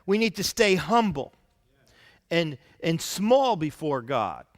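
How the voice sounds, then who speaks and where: A man preaching a sermon as senior pastor, reading scripture aloud between his own points and dropping to soft asides. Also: fairly high pitch, sing-song, takes it slowly, in a large hall.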